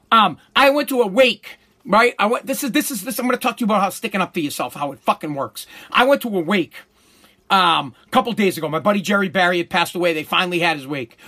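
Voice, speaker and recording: A man's voice: high-pitched, sharp tone. A middle-aged man, hosting a show and telling a profane story bluntly, with many restarts. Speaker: show host.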